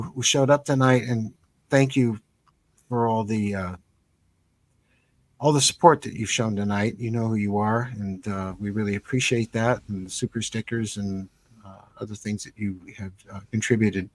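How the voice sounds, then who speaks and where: A low-voiced man hosts a live stream interview over a video call. He speaks in a relaxed way, leaning on fillers, and the sound is dry and close. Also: moderate pace, dry recording. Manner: relaxed, thankful sign-off with fillers. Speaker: host.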